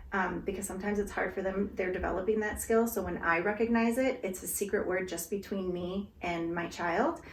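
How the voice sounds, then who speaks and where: A woman in a calm, explanatory conversation about parenting, now and then slipping into the words a parent would say to a child. Her voice sits at an ordinary middle pitch. The room around her is echoey. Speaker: guest speaker on parenting. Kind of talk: casual conversation.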